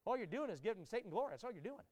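A man preaching a sermon to his congregation, emphatic and direct, often repeating his words and rising to loud climaxes. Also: high-pitched, big pitch swings, racing, dry recording. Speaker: pastor.

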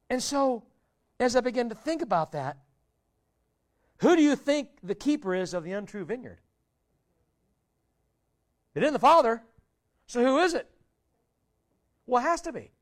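A man pastor delivering a sermon, pleading and rhetorical, swinging between loud appeals and hushed quiet asides. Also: sits high.

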